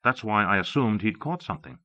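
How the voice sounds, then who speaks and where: A man's voice: on the low side, lively intonation, fairly quick, pushed and bright, no echo. A man voicing a young programmer who talks in a hesitant, earnest way. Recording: dull lo-fi cassette audio.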